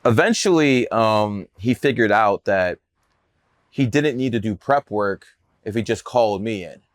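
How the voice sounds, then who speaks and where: A man's voice: on the low side, lively intonation, a little slow, no echo, clean studio sound. A man telling stories about his numerology career in a brash, profane, boastful way on a podcast. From Cleveland area, USA. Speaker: numerologist guest. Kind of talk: casual podcast storytelling.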